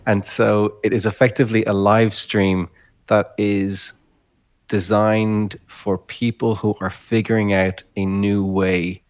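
A man's voice: lowish voice, little pitch movement, measured pace, no room sound. A man with an Irish accent, a guest founder, explaining his product with restarts. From Ireland. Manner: explains with restarts and light laughs. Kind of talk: conversational interview.

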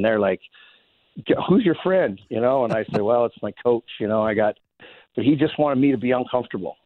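A man's voice: medium pitch, dry recording. Man telling stories down a phone line. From Saskatchewan, Canada. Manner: rambling, many restarts, chuckles through stories. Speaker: interview guest, former hockey player. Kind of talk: casual anecdotal storytelling. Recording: phone-like narrow band, dry.

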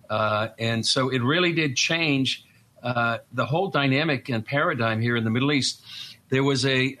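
Speaking as a guest in a relaxed discussion, this Boston-accented man earnestly lays out his points, frequently pausing on filler words and restarting his sentences. His tone is bright and forceful at a medium pitch.

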